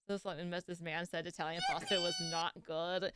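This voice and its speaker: A woman's voice: lowish voice, a little fast, few pauses, fairly bright tone, clean tone, no echo, studio quality. A young woman on a live stream, chatting casually and giggling as she greets viewers and reacts to videos.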